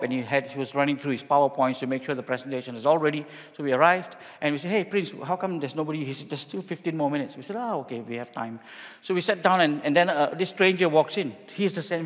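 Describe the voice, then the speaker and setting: A middle-aged man from Singapore, a pastor preaching and telling a personal story in a joking, halting way. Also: mid-range voice, big-room sound. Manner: jokey storytelling, many restarts. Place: church hall.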